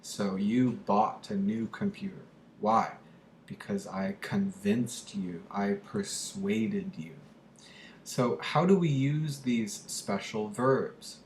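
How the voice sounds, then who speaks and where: Slow, deliberate male English teacher. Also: darkish tone. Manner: slow and deliberate, with many pauses and fillers; acts out example sentences with a raised pitch. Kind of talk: slow explanatory lesson. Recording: echoey room with faint background noise.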